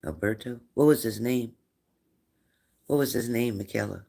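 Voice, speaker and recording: A man's voice: mid-range voice, normal speed, vocal fry, warm tone. A man hosting a live-stream spirit reading as a medium, who asks viewers the same probing questions again and again. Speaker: psychic medium.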